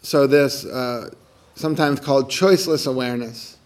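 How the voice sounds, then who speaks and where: A man who teaches meditation, guiding a mindfulness practice outdoors in a calm, gentle, unhurried way with soft, repeated questions. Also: mid-range voice. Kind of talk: guided meditation talk. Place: outdoors on a morning walk.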